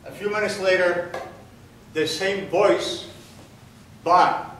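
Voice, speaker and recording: An older man giving a slow, deliberate spoken testimony to an audience, his voice sinking low and quiet at grave moments. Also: steady tone. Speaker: Holocaust survivor speaker. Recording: echoey hall recorded from far off, faint noise.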